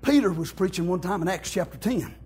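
A man's voice: sits high, expressive, fairly quick, darkish tone, breathy edge. A middle-aged man, preaching a sermon and telling stories, punctuating his talk with "amen" and "thank God". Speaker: pastor. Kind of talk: sermon with storytelling.

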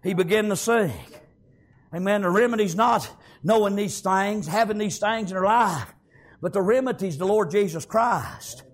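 A man preaching a fervent sermon, shouting often and tagging "amen" onto his lines. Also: high-pitched, normal speed.

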